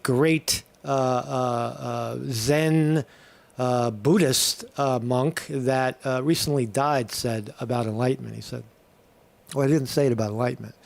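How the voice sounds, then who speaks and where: Man, live stream host, gravelly fry, slightly high pitch, rambling, irreverent. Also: darkish tone. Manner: rambling, irreverent, heavy on fillers and restarts. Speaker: host of a live morning show. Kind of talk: casual live-stream chat.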